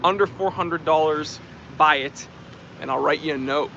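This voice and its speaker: A man's voice: a little high, normal speed, creaky, noisy background. A man hosting a casual live stream, chatting and reading out and thanking viewer comments. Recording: dull lo-fi stream audio.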